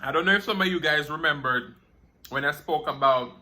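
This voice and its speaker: A man's voice: a little high, a little fast, pushed and bright. A young man with a Jamaican accent, chatting casually and telling stories while eating, laughing often and slipping into Patois. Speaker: food vlogger. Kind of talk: casual storytelling mukbang chat.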